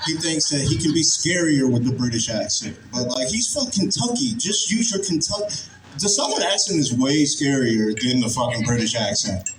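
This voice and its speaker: A man's voice: medium pitch, big pitch swings, normal speed. A man from Virginia doing a casual, profane stand-up set and chuckling at his own jokes. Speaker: stand-up comedian. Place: comedy club stage. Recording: echoey club, distant mic, audience noise.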